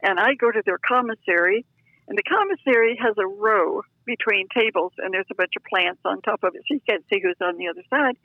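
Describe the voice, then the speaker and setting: An older woman, a guest in an interview, tells a personal story with animation, acting out the voices of the people involved. Her medium-pitched delivery is a little fast, captured on a dull lo-fi recording with no echo.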